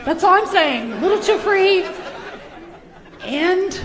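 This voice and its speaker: A woman's voice: extremely high pitch, lively intonation, slow, pauses often, a bit bright, big-room sound, a faint crowd. A woman doing stand-up on stage, brash and mocking, with punchy delivery. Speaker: stand-up comedian. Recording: live stage with audience laughter.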